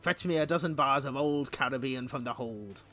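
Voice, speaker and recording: A man's voice: mid-range voice, normal speed, pushed and bright, lightly acted. A man voicing a greedy, bossy male pirate captain who barks orders in a comic read-along. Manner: barking orders.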